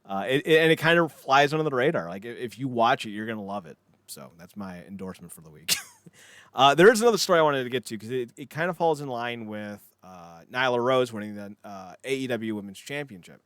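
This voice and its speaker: A man co-hosting a podcast, talking in a loose, rambling way with lots of laughter. His pitch swoops up and down as he tells stories. The sound is dry and close, with no room echo. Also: lively intonation, fairly quick, a bit bright. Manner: rambling, laughs often, acts out quotes in voices. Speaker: podcast co-host. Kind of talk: casual chat.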